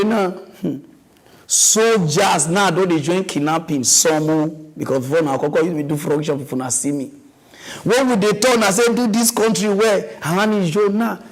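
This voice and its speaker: A man with a Nigerian accent hosting a mock news show, rambling in animated comic commentary and mixing in pidgin. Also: high voice, poor audio.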